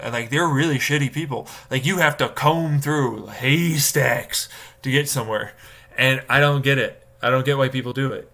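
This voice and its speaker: Man streaming, exasperated rant, bright tense voice, sudden shrill outbursts, swearing. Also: moderate pace. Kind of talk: casual live-stream rant.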